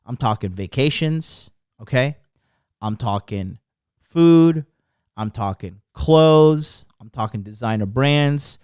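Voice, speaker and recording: A man's voice: mid-range voice, animated, slow pace, a little mellow, clean tone, dry recording, clean studio sound. A man in his thirties hosting a podcast, talking in a brash, profane, emphatic monologue. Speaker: podcast host.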